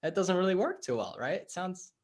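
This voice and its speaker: A man who coaches people for a living talks through his ideas as an interview guest in a lively, expressive way. His voice sits a little high for a man and swings widely up and down as he leans into examples. He often slips into quick acted exchanges to make a point. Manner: animated, acts out dialogue in stories. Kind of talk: conversational explanation.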